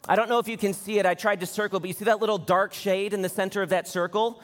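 Pastor guy preaching, high voice, big echoey church hall, tells stories and does the voices. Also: fast. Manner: animated storytelling, acts out quoted voices. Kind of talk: sermon. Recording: long hall reverb.

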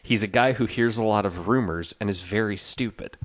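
A man's voice: fairly low pitch, a little fast, no room sound. A man running a tabletop game as game master, chatting casually and laughing at himself.

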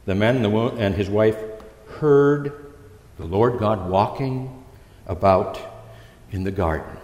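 A man giving a conversational sermon as a visiting preacher, pausing and restarting often as he talks. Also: on the low side, animated, a little mellow. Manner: conversational, halting, with many restarts. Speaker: guest preacher. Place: church. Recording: echoey church hall.

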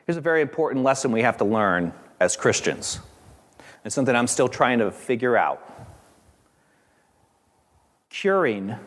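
A man preaching a sermon, animated and conversational, with friendly asides to the congregation. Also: medium pitch, in a large hall. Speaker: pastor.

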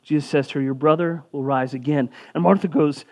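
This sermon comes from a male pastor whose voice sits a little high and moves a little fast, with hardly any pauses. He keeps it conversational, slipping in asides and lifting his voice to stress points.

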